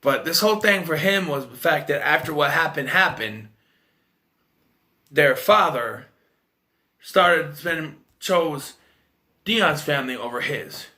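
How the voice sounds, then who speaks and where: Rambling man with a bright voice. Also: fairly high pitch, animated, a little slow, pauses often. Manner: rambling, repeats himself. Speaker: film reviewer. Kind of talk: casual spoken film review.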